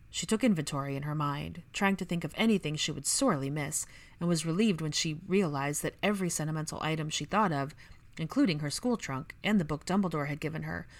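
A woman calmly reading a fan fiction story aloud as narrator. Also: low voice. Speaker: audiobook reader.

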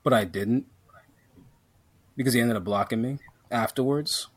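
Guy going off on a podcast rant, keeps restarting his sentences, mid pitch. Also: moderate pace. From Jamaican heritage. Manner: animated ranting, many restarts and fillers. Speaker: podcast co-host.

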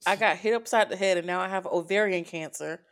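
A woman co-hosting a casual podcast chat, joking with quick interjections. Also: on the low side. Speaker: podcast co-host.

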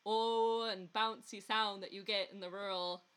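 With a rural Midwestern accent from the Upper Midwest along the Mississippi, this woman co-hosts a podcast, chatting casually and giggling through a story. Her mid-range voice has fairly even intonation, a measured pace, and a fairly bright, clean tone.

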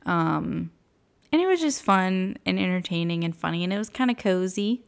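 A woman's voice: on the low side, animated, normal speed, creaky. A woman co-hosting a podcast in casual chat, laughing often and poking fun at herself. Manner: laughs often, giggly and self-deprecating. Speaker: podcast co-host.

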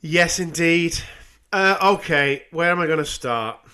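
A man co-hosting a music podcast, chatting casually, animated and sweary, laughing easily. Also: a little high, a little slow, smooth. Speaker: podcast co-host.

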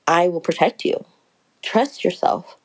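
Woman reading as a gentle inner dragon, low voice, calm, reassuring. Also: unhurried.

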